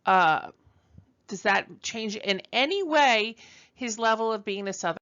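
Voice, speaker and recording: Bright-voiced woman lecturer, lo-fi. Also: mid-range voice, lively intonation, a little slow. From Brooklyn, New York. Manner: conversational, self-deprecating, many fillers. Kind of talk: recorded university lecture.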